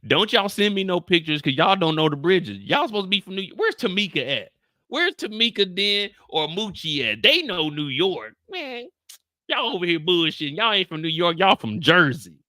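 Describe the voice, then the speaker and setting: Young guy streaming, swears a lot, bright and lively. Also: high-pitched, moderate pace, no echo, studio quality. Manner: animated, exasperated, swears freely, talks to chat. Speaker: show reaction streamer. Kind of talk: casual livestream chat with viewers.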